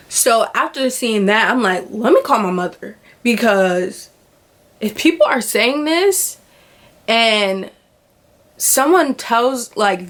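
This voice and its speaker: A young adult woman vlogger telling a personal story in casual chat, often saying "like" and acting out what others said. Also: on the high side. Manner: animated retelling, acts out quoted voices, filler "like" often.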